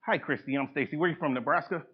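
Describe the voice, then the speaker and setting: A man presenting a live workshop to an audience in a conference room. He is animated, acts out the people he quotes, and laughs often. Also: a little high, fast, breathy edge. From United States. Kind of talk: live seminar lecture. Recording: dull lo-fi event recording.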